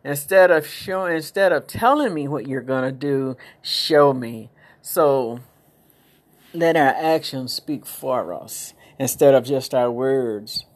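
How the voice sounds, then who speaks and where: A woman's voice: very deep voice, slow. A middle-aged woman hosting a podcast, talking in a rambling, casual, inspirational monologue with preachy asides. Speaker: podcast host.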